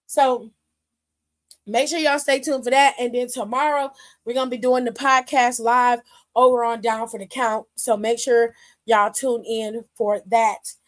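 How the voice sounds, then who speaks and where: High-voiced, blunt woman host. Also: steady tone, unhurried. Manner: blunt, profane, opinionated. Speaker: wrestling show host. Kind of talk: casual aftershow commentary.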